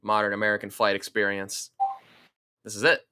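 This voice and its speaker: Bright-toned, low-voiced podcast co-host. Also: male voice, monotone, brisk, clean tone. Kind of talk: casual chat.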